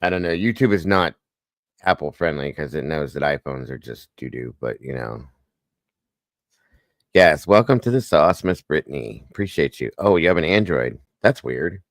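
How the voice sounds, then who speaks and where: A man's voice: very deep voice, animated, normal speed, no echo, clean studio sound. A man hosting a casual livestream, chatting and greeting viewers by name one after another. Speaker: livestream host.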